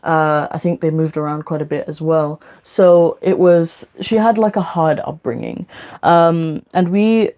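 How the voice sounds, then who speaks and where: A woman's voice: deep voice, steady tone, measured pace, highs cut off. A young woman, chatting casually and rambling while doing her makeup on a livestream, swearing freely. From England. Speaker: livestreamer and teacher.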